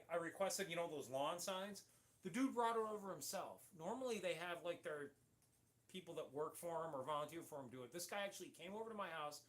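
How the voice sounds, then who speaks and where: A man's voice: on the high side, pushed and bright. A middle-aged man from Syracuse, New York, rambling through a casual livestream chat with many restarts. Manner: rambling, chatty, frequent restarts. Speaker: livestream host.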